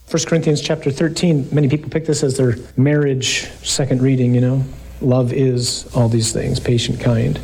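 Husky-voiced man preaching a sermon. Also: mid-range voice, fairly even intonation, a little mellow. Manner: reads scripture slowly and emphatically, jokes asides quickly. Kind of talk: sermon with scripture readings.

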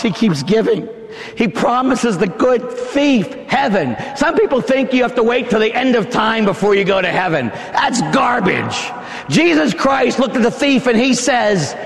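A male preacher giving a fiery sermon in a church, shouting emphatic lines with dramatic pauses. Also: extremely high pitch, creaky. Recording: long hall reverb.

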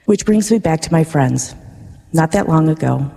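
A woman parishioner reading her personal testimony in church, earnest and measured. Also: sits low, expressive, creaky, mellow. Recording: echoey church hall.

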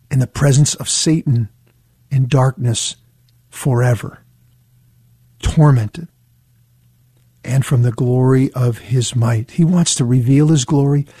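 A man reading Bible verses aloud and explaining them in an earnest teaching style. He reads slowly and leans on key words. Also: mid-range voice, mellow, slightly rough, no room sound, studio quality. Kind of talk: scripture reading and commentary.

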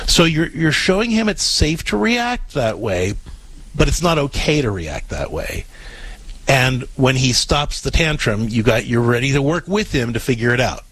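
Male radio advice host, husky, earnest, explains patiently with frequent restarts. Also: on the high side, fairly bright tone, no room sound, low-quality recording. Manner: earnest, explanatory, repeats words when starting sentences. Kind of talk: advice call-in talk.

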